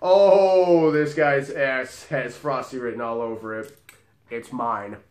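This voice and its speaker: A man's voice: mid-range voice, echoey room. Profane, dramatic male bouncer telling a story. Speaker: bar bouncer. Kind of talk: storytelling vlog.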